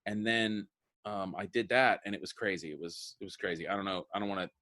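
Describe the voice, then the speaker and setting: A man in his thirties with a lowish voice tells loose, rambling stories from his career in easy interview talk. He keeps slipping into the voices of the people he quotes, circling back with repeated words as he goes. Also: fast, bright, forceful tone. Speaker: comedian guest. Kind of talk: casual interview chat.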